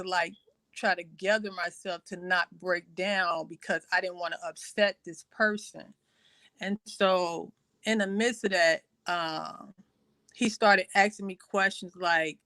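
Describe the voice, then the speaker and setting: A woman recounts her own story in a halting, conversational way, with many fillers and repeated phrases. Her pitch sits in a middle range for a woman. Her voice sounds close and dry, with no room echo. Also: bright, forceful tone. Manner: quotes others in a raised voice. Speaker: guest sharing her testimony. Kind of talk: personal testimony, story told in conversation.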